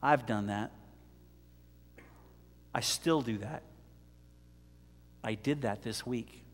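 A man preaching a sermon, animated and jokey, with dramatic swings in volume. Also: medium pitch, slow pace, big-room sound.

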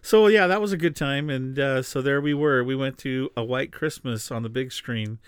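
A man's voice: mid-range voice, moderate pace, clear, resonant tone, dry recording. Man, podcast co-host, slight lisp, careful enunciation, dry close mic. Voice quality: slight lisp from new dentures. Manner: relaxed, chatty, enunciating carefully. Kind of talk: casual chat.

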